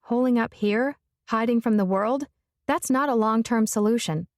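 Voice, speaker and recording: A woman's voice: on the high side, normal speed, no echo, clean studio sound, voice pushed up, natural voice. A woman narrator voicing a blunt, fiery young woman, speaking emphatically and forthrightly.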